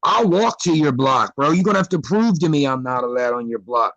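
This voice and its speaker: A man's voice: medium pitch, animated, brisk, fairly bright tone, no room sound, lo-fi sound. A man talking as a guest in a casual chat, earnest and reflective, with street slang. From American suburbs. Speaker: podcast guest. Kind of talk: casual conversation.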